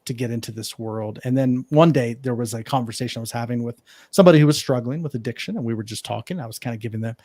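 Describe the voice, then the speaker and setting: A man's voice: medium pitch, fast talker, hardly any pauses, dark tone, no room sound, studio quality. A man being interviewed as a guest, telling a personal story in an earnest, reflective way. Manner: earnest, reflective, acts out remembered dialogue. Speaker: podcast guest, life coach.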